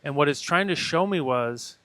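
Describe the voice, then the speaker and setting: A man's voice: on the high side, lively intonation, normal speed, a bit bright, dry recording. Earnest man telling a personal story. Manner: earnest, swears casually, acts out his own inner voice. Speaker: podcast guest, breathwork facilitator. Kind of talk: casual storytelling interview.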